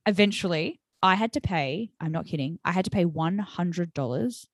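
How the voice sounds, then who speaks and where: A young woman co-hosting a podcast, telling a story in casual chat, animated and swearing, with lots of "like" and "right?" fillers. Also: on the low side, moderate pace, dry recording. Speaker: podcast co-host.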